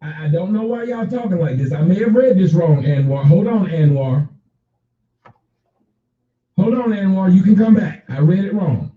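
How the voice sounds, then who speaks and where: A man hosting a casual livestream, reading viewer chat aloud and answering chatters by name in an animated, profane way. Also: high-pitched, a little fast, hardly any pauses, far from the mic. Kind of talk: casual unscripted livestream talk. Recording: echoey room, off-mic, dull lo-fi sound.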